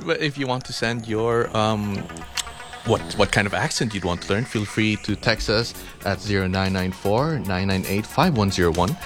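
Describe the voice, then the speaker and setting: A man's voice: fairly low pitch, normal speed, music in the background. A young man hosting a radio show, bantering casually, laughing often and repeating his words. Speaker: radio host. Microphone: studio microphone.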